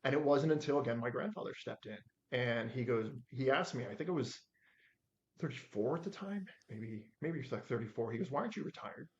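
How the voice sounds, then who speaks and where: A man in his forties telling stories as a podcast guest, acting out the quotes with lively shifts in voice. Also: medium pitch, a little fast, dull audio. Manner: animated storyteller acting out his own quotes. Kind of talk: storytelling in a podcast interview.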